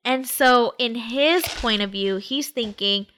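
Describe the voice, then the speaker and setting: A woman chats casually, retelling a story in an animated way with plenty of fillers. Her voice is bright and a little high. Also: takes it slowly, a little hiss or hum.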